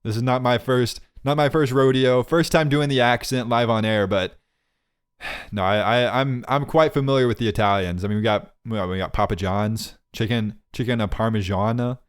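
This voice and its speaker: A young man in his twenties co-hosts a casual podcast. He talks in a loose, rambling way and riffs on silly bits. He laughs often at his own jokes in a mid-pitched voice. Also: normal speed, smooth. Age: 20s. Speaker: podcast co-host. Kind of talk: casual chat.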